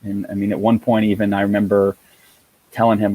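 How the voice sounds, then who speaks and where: A man in his thirties with a somewhat low voice recounts a hard race as a guest in conversation. He speaks earnestly, stopping and restarting, leaning on fillers as he gathers his thoughts. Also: little pitch movement, a little fast, warm tone, rough recording. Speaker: endurance athlete guest. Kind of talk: personal storytelling in conversation.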